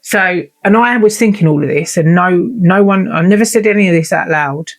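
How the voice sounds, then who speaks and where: A woman's voice: lowish voice, a little fast. A woman telling a personal story in a vlog, candid and unfiltered, swearing and acting out remembered conversations. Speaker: vlogger.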